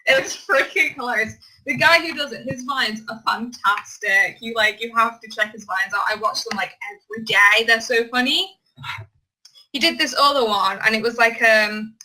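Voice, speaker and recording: A woman's voice: a little high, normal speed, pushed and bright, poor audio. A young woman chatting as a podcast co-host, giggly and rambling, swearing casually. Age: young adult. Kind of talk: casual chat.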